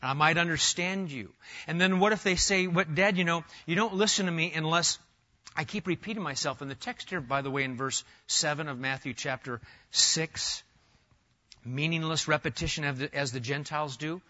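A middle-aged man preaching a sermon as pastor, animated, swinging between loud emphasis and soft asides. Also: a little high, normal speed, lo-fi sound.

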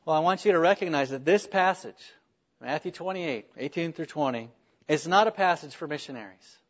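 A man's voice: fairly high pitch, expressive, brisk, lo-fi sound. A man preaching a sermon as a pastor, earnest, with rhetorical questions and small restarts.

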